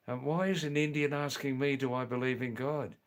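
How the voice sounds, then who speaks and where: Talking back to viewers on his casual livestream, this middle-aged Australian host has a mid-range voice, a steady tone, and a normal speed. He hammers home his main points by repeating them, with plenty of ums along the way.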